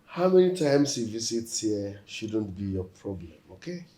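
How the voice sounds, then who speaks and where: A man's voice: on the low side, very animated, a little slow, mellow, roomy sound. An actor with a Nigerian accent playing a self-assured young businessman who speaks in a dismissive, firm way.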